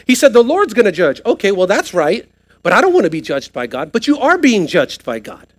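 High-voiced preaching pastor. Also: male voice, very animated, brisk. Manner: preaching with rising emphasis, asking the congregation questions. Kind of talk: sermon. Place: church sanctuary, live service.

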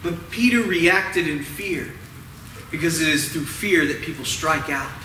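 A man preaching a sermon, stressing words and letting phrase ends drop soft and low. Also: slight background noise. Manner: dramatic, drawn-out emphasis with falling, softening phrase ends. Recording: roomy echo, mic at a distance, faint ambience.

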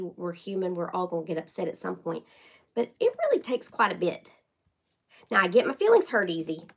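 A woman's voice: medium pitch, breathy edge, low-quality recording. A woman hosting a casual live craft stream, chatting to viewers by name while she paints. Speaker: craft livestream host.

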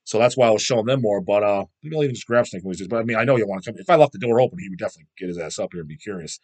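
A middle-aged vlog host answers viewer questions in a casual, rambling chat, swearing constantly. His voice is on the low side and darkish, and he talks very fast.

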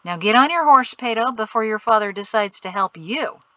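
A woman reading an audiobook voices a calm, wry male guide in a matter-of-fact way. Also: high-pitched, normal speed, dry recording, lo-fi sound. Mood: instructing.

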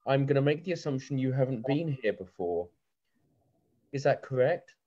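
A man's voice: mid-range voice, lively intonation, dark tone, voice pushed up, natural voice. A man voicing a poised winged fae waitress. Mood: courteous. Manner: politely formal, unhurried hostess. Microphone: video call. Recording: lo-fi video call audio.

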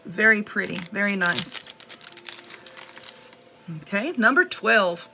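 A woman with a Southern US accent chatting excitedly to viewers as she unboxes nail art supplies, gushing over each item. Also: fairly high pitch, normal speed, long pauses, faint music behind. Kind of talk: casual unboxing chat.

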